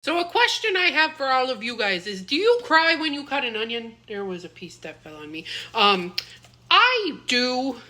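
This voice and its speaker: A woman's voice: sits high, big pitch swings, moderate pace, bright, forceful tone. A young woman chatting casually while cooking in her home kitchen, rambling and self-deprecating as she drifts off topic. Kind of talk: casual cooking vlog chat.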